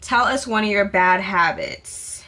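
A young woman with a bright, sharp voice chats to her camera in a casual vlog. She is sassy and over the top, swearing freely and hamming up her answers. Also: mid-range voice, unhurried. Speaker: vlogger. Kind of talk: casual get-to-know-me vlog.

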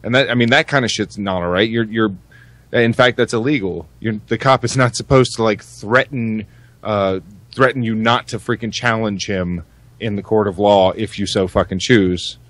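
Rambling through a casual conversation as a podcast co-host, a man curses heavily and keeps starting his sentences over. He talks at a moderate pace in a lowish, slightly bright voice, with no room sound in the recording.

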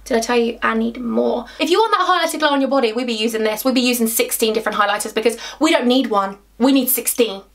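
A woman's voice: on the high side, quick pace, few pauses. Bubbly young woman vlogger. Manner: bubbly, gushing, talks to herself. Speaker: beauty vlogger. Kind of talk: excitable makeup vlog. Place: home bedroom.

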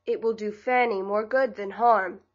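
A strict middle-aged father from an old storybook gives curt, commanding orders, voiced by a woman narrator. He is quick to anger and brooks no argument. The audio is a little dull and muffled. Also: mid-range voice, fairly even intonation, natural voice. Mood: stern.

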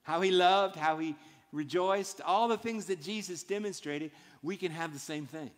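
Pastor guy preaching, slightly high voice, punchy repeated lines, long echo from a big church hall. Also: moderate pace. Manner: emphatic preaching in short repeated phrases. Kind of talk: sermon. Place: church sanctuary.

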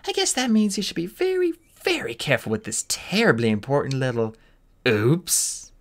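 A man's voice: on the high side, wildly swooping pitch, normal speed, a bit bright, pitched above the performer's own voice, exaggerated voice. A man voicing a cruel, mocking female sand dragon queen who hisses and sneers her taunts. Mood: taunting. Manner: sneering, hissing, theatrical taunts.

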